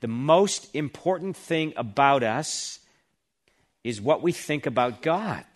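A male pastor delivers a sermon in a slightly higher-than-average voice. He reads scripture passages aloud with emphasis, then explains them to his listeners. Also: animated, takes it slowly.

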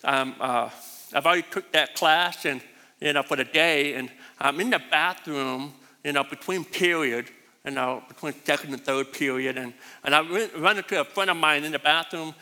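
Bright-voiced man preaching in a reverberant hall. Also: fairly high pitch, moderate pace. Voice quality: distinctive voice he calls bad. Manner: rambling, repeats words, self-mocking. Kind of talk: sermon with personal story.

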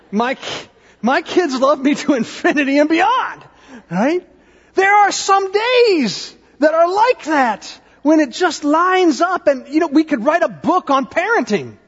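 Animated male pastor preaching in a reverberant hall. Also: very high-pitched. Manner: animated, conversational preaching with rhetorical questions. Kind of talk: sermon. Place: church sanctuary. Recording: dull, lo-fi sound with long hall reverb.

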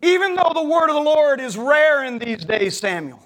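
A male pastor preaching a sermon dramatically, swinging between hushed moments and shouted ones. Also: very high-pitched, very animated, moderate pace.

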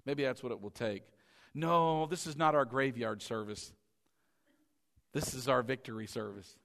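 A middle-aged male pastor preaching a sermon, loud and passionate, often calling out to the congregation for responses. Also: mid-range voice, normal speed, gravelly.

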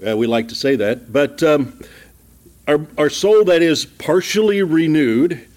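Slow-talking man teaching a Bible study. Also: fairly high pitch, darkish tone. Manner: conversational teaching, slows down for scripture reading, small asides and chuckles. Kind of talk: sermon, verse-by-verse Bible teaching. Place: church room with a group.

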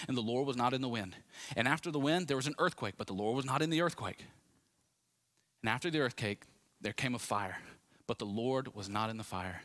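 Bright-voiced male preacher, animated. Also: mid-range voice, a little fast. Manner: animated, conversational preaching with asides. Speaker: pastor. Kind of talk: sermon.

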